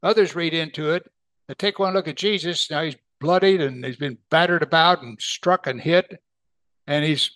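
A man preaching a verse-by-verse Bible lesson, his voice sitting a little high for a man. He reads scripture slowly and deliberately, then unpacks it in plain, emphatic speech. The sound is dry and close, with almost no room echo. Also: a bit bright.

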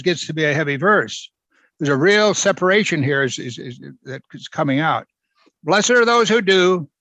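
Bright-voiced man preaching a sermon. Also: fairly high pitch, no room sound. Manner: emphatic, repeats phrases for stress. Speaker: pastor. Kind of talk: expository sermon.

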